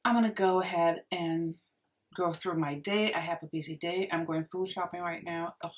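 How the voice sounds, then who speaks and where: A woman's voice: lowish voice, steady tone, moderate pace, distant mic. A young woman reviewing makeup in a casual vlog, gushing and exclaiming to her viewers as if they were friends. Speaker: beauty vlogger.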